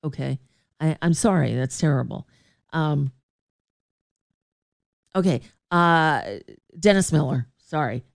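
A woman's voice: sits low, takes it slowly, vocal fry, long pauses, no echo, studio quality. A woman radio host telling a story in a casual, digressive way, often laughing and reacting to a live chat.

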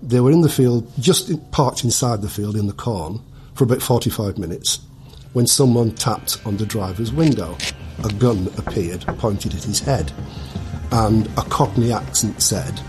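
A man with a fairly low voice recounting events in a documentary interview, with music clearly behind him. He tells it like a story and occasionally restarts a phrase. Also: moderate pace.

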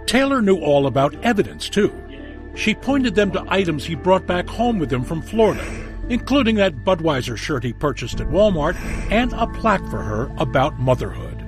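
A man's voice: fairly high pitch, big pitch swings, moderate pace. A man narrating a true-crime broadcast in a scripted, emphatic documentary style. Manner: dramatic, emphatic delivery. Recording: studio voice-over over music.

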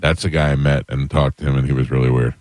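A man's voice: rumbling low, level tone, fast talker, a little mellow, no echo. A man hosting a morning radio show, easygoing and upbeat, taking calls and chatting. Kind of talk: casual morning radio banter.

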